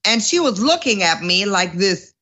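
A woman's voice: mid-range voice, very animated, normal speed, noisy background. A woman in her thirties with a German accent, a guest chatting casually on a talk show, telling stories and laughing often. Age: 30s. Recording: dull lo-fi audio.

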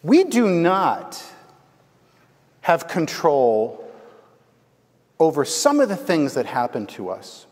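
A man's voice: on the high side, wildly swooping pitch, takes it slowly, long pauses, a little mellow. A man preaching a sermon as the pastor, telling a story and asking the congregation "right?". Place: church. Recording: long hall reverb.

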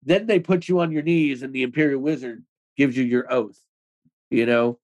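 A man talks as a guest on a podcast, recounting his past in a casual, rambling way. His speech runs quick and loose, padded with "like" and salted with swearing. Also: mid-range voice, muffled recording. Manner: rapid, loose talk full of "like" and swearing. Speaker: interview guest, former extremist. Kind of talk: casual storytelling in a podcast interview.

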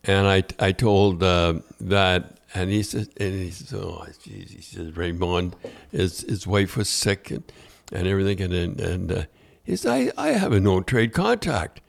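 A man's voice: deep voice, expressive, measured pace, vocal fry. Older man telling rambling stories. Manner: rambling anecdotes with many restarts. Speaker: podcast host. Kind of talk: casual storytelling chat.

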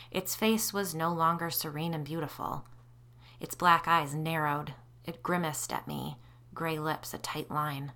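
A woman podcast host narrating a first-person ghost story in a steady, measured reading. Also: deep voice.

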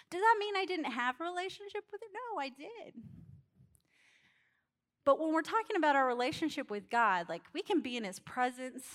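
A woman preaching a sermon in an animated storytelling way, acting out characters and laughing along. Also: a little high.

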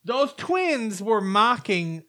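Prudish, questioning co-host, lively voice. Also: mid-range voice, extremely slow. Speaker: podcast co-host. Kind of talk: casual chat.

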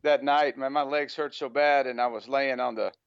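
A man's voice: medium pitch, steady tone, normal speed, smooth, no echo, highs cut off. An American man speaking as a guest on an interview podcast, talking casually with a rambling flow full of "you know" fillers. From United States.

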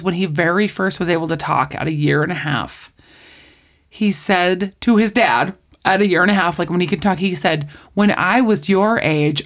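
A woman in casual conversation, telling a story with lively acted-out quotes. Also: fairly low pitch. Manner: animated storyteller, acts out quoted voices. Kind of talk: casual chat.

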